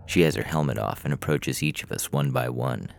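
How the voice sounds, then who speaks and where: A man narrating a science-fiction story in a measured, dry storytelling manner. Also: extremely low pitch, gravelly, a little hiss or hum.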